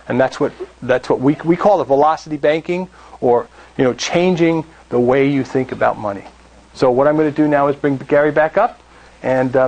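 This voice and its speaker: A man's voice: fairly high pitch, poor audio. A man co-hosting a meetup, introducing the next speaker in a plain, encouraging way. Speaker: meetup co-host.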